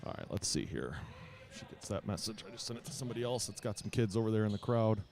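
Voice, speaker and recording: A man's voice: fairly low pitch, lively intonation, fast talker, creaky. A man doing casual play-by-play commentary for a school basketball game, chatting with the audience between plays. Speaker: play-by-play announcer for a school team. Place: high school gym.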